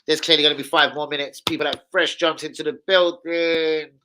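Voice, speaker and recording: A man's voice: a little high, fairly even intonation, fairly quick, pushed and bright, poor audio. A man hosting a football fan channel, hyper and slangy, swearing freely through casual chat and a transfer news roundup.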